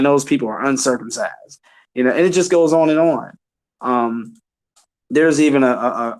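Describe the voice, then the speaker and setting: A man talking casually about scripture, rambling with lots of fillers and rhetorical questions. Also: medium pitch. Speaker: vlogger discussing scripture.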